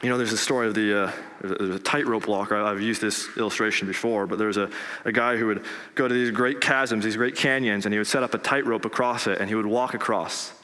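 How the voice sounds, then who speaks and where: A male pastor preaching a sermon in earnest, rising for emphasis and dropping low on key words. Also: fairly even intonation, brisk, pushed and bright. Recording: long reverb of a large hall.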